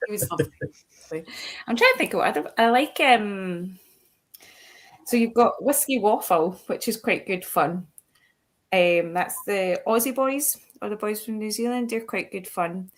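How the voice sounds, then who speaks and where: A Scottish woman chats casually as a podcast guest over a video call, often restarting her sentences and laughing easily. Her voice is medium-pitched, animated, and unhurried.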